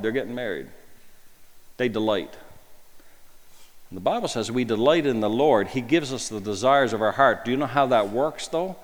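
A man preaching a sermon in a conversational way, asking rhetorical questions and moving between emphatic lines and hushed ones. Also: medium pitch. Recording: long hall reverb.

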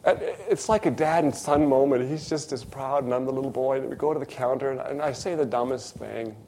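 A middle-aged man preaching a sermon, telling a personal story with lively swings between loud emphasis and hushed, quiet asides. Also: mid-range voice, brisk, slight background noise.

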